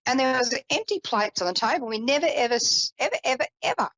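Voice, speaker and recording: A woman psychic telling a personal story in a chatty, animated way, with self-deprecating asides. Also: sits high, fast talker, no room sound, rough recording. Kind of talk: personal storytelling on a live call-in show.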